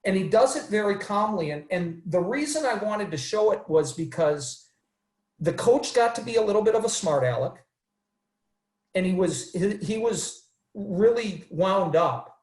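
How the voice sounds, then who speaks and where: A man with a high-pitched, darkish voice moderates a casual webinar panel over a video call, speaking at a measured pace with lively intonation. He's hesitant and restarts often, acting out quotes as he retells a scene. The room sound is echoey.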